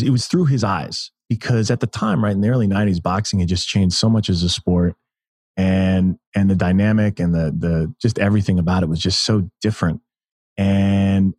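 A man in his thirties from the United States, a podcast guest telling stories in a rambling, animated way and laughing often. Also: low voice, dry recording. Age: 30s. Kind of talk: casual interview chat.

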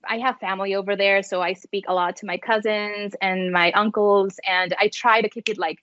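A woman's voice: medium pitch, fairly even intonation, normal speed, fairly bright tone, dry recording. A woman from Mexico speaks English with a light Mexican accent, a mother chatting as a guest. She talks in loose, friendly bursts, full of fillers and restarts. The sound is dry and a bit dull. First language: Spanish. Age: adult with children. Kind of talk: casual interview chat.

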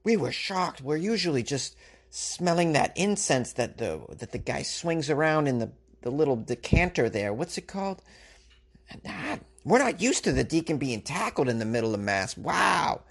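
A man voicing an excitable male churchgoer with a Boston accent, talking in a rattled, rambling, hammy way. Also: on the high side, moderate pace, creaky, heavily acted.

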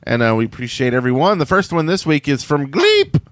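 A man's voice: a little high, brisk, dry recording. Dry-sounding male podcast host. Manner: relaxed, reads out sponsors. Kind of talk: casual podcast chat.

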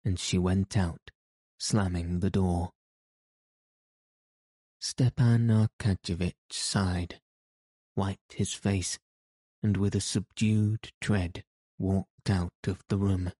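Male audiobook narrator: measured, unhurried, flat delivery. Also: deep voice, no room sound. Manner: measured, even reading.

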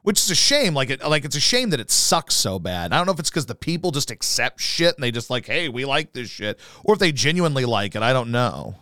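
A man hosting his own podcast, venting in a profane, mocking tone. His voice is smooth and clear, and his pitch swings around a lot. The sound is dry and close to the mic. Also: very animated, quick pace, few pauses, bright, forceful tone, no echo. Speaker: podcast host. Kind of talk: solo podcast rant.

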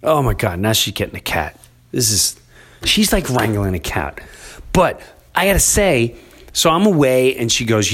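A middle-aged man hosts a podcast and rambles through a family story in loose, casual chat. His voice sits in an ordinary middle pitch. He keeps breaking into quick impressions of his kids and his wife. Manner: rambling, animated storyteller who acts out quoted family members. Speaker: podcast host.

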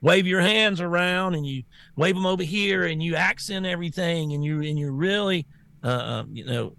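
Gravelly, mocking male talk-show co-host. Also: high voice, moderate pace, pushed and bright, no echo. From rural area. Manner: blunt, mocking, rambling with restarts. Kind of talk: casual political talk show banter.

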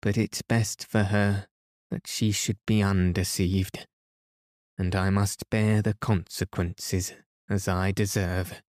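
A man reading the part of a remorseful elderly father who talks softly and slowly, pleading as he speaks. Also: low-pitched, level tone, no echo, clean studio sound.

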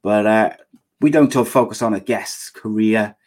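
Welsh bloke hosting a podcast, lowish voice, jokey and rambling. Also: male voice, moderate pace, darkish tone. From Wales. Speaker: podcast host.

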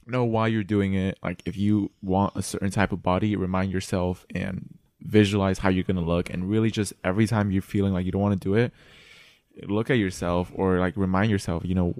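A man hosts a podcast in easygoing, laid-back chat, peppered with fillers. His voice is low and the sound is dry and close. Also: fairly even intonation, fairly quick, darkish tone, no echo. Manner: laid-back, heavy use of 'like'. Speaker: podcast host. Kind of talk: casual chat.

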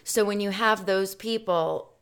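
A woman's voice: mid-range voice, unhurried, smooth. A woman co-hosting a podcast, chatting casually and laughing often as she passes on what a friend told her. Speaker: podcast co-host. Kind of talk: casual chat.

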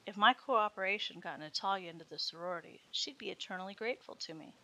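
A woman narrates a scripted story in a steady first-person manner, her voice bright and forward. The pitch sits in a middle range for a woman. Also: quick pace.

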